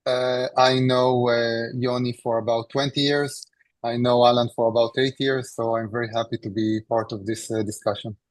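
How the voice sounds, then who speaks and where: A man's voice: medium pitch, flat delivery, moderate pace, no room sound, rough recording. A man introducing himself as a panelist on an online panel, hesitant and full of filler sounds. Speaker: panelist, company CEO. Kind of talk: panel discussion. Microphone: video call.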